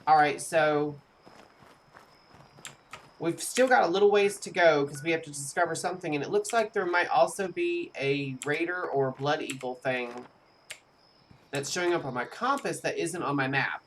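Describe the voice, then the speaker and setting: A streamer giving live gameplay commentary in a chatty way, speaking straight to viewers and reacting with animated outbursts. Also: mid-range voice, moderate pace, slight background noise. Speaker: game streamer.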